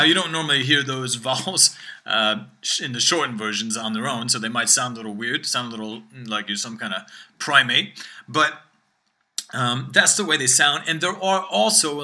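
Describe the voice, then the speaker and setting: Man, language teacher, very bright voice, explains at length and keeps checking in with the listener. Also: mid-range voice. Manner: explanatory, frequent "all right?" check-ins. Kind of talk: video language lesson. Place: room with phone ringing behind.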